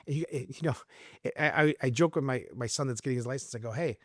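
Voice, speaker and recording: Middle-aged man from Arizona, quick talker, animated realtor, dry close-mic sound. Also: medium pitch, dry recording. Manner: animated storyteller, acts out sales calls in lively voices. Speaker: realtor guest. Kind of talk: casual podcast interview.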